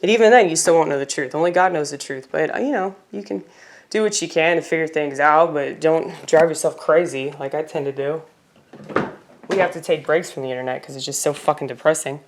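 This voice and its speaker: Low-voiced woman in a rambling, profane vlog. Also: fairly quick, no room sound. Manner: rambling, profane, filler-heavy. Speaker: vlogger. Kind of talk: casual rambling monologue to camera.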